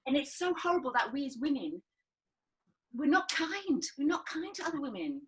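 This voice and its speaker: A woman's voice: sits high, normal speed. A middle-aged woman co-hosting a podcast, chatting emphatically and tagging her points with questions. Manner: emphatic, asks tag questions, animated. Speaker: podcast co-host. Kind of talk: casual chat.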